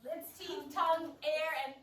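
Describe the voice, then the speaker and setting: A woman teaching a phonics lesson to a first grade class, animated and coaxing, modeling each sound slowly. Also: sits high, faint music behind. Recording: roomy, distant, background noise.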